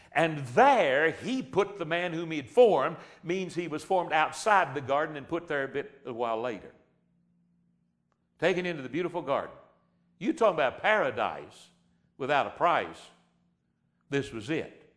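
Older male preacher with a fairly high voice. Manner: swings from loud emphasis to hushed asides; folksy, addresses the congregation as a class. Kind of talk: sermon.

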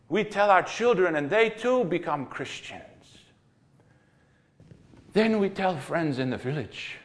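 A man's voice: mid-range voice, voice pushed up. A man putting on a burly Russian villager with a thick accent. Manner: broken English, fervent testimony.

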